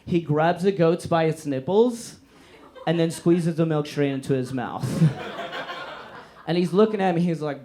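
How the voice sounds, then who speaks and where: High-voiced young man doing stand-up. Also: a little slow, noisy background. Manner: animated, laughing between jokes. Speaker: comedian. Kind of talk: stand-up comedy. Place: live comedy room with an audience.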